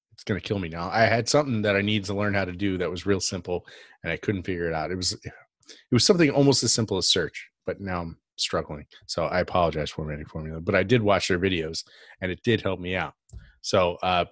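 A man's voice: low voice, dry recording, clean studio sound. A man co-hosting a podcast in casual chat, talking in a rambling way with many restarts and frequent giggles. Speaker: podcast co-host.

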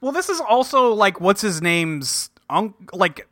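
A man's voice: high voice, big pitch swings, measured pace, fairly bright tone, no echo. A man co-hosting a casual podcast chat, adding short dry comments. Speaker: podcast co-host.

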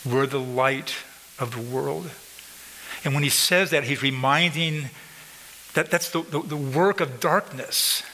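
A man's voice: mid-range voice, unhurried, pushed and bright, in a large hall, slight background noise, poor audio. A man preaching a sermon to his congregation, emphatic and repetitive, pointing out people in the room. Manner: emphatic preaching, repeats phrases, addresses congregation directly. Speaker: pastor. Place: church sanctuary.

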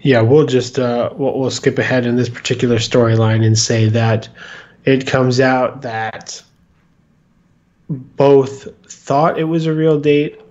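A man's voice: mid-range voice, fairly even intonation, slow, darkish tone, highs cut off. A man from the American North co-hosting a podcast, recapping an episode with dry, wry jokes and plenty of ums. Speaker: podcast co-host. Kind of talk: casual chat, recapping an episode.

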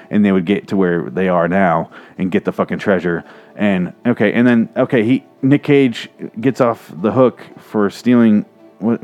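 A man's voice: low voice, darkish tone, dull audio. A man hosting a movie review show, rambling in an exasperated, profane rant. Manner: rambling, exasperated, swears freely.

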